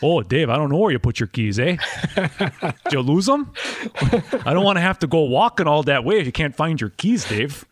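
A man's voice: on the high side, big pitch swings, moderate pace, no room sound, studio quality. A man putting on a folksy Wisconsin accent, playing a polite, easygoing local. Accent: overdone Wisconsin impression.

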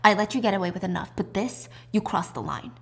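A woman voicing a ruthless male boss of an assassin firm, talking in cold, clipped threats with her voice pulled low. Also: fast, close to an everyday voice. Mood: menacing.

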